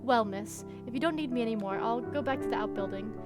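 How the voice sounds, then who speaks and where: A woman voicing a kindly, superstitious older housekeeper in a game she reads aloud, with a gentle, reassuring manner. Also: on the high side, quick pace, lightly acted. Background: background music.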